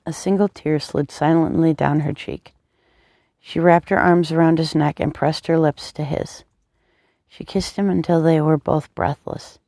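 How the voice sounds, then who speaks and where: Recorded close and dry without any echo, a female audiobook narrator reads a story in a low voice. Her delivery is calm and measured, and her tone is mellow, dark, and gravelly.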